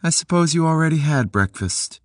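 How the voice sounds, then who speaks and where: A man's voice: on the high side, lively intonation, moderate pace, no room sound, clean studio sound, pitched above the performer's own voice, natural voice. A man voicing a blunt, sassy young woman who swears freely and teases, in an audiobook. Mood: brash. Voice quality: brash, swearing, teasing.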